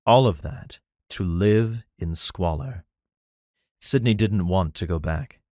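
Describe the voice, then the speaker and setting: A man narrating a fantasy romance audiobook in an even, plain storytelling manner. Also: low-pitched, slow, no room sound, clean studio sound. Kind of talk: scripted narration.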